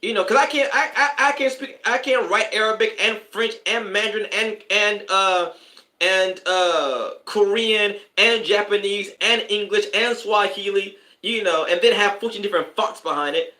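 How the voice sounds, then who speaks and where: A man hosting a live stream as a spiritual advisor, with a bright, forceful voice pitched a bit high. He rambles casually, then surges into emphatic, preacher-like bursts, and the sound rings in an echoey room. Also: moderate pace.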